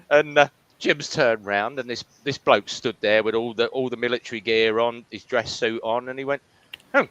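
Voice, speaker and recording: A man's voice: mid-range voice, fairly even intonation, normal speed, fairly bright tone, dry recording, low-quality recording. A man telling a funny army anecdote in a casual chat, breaking into laughter.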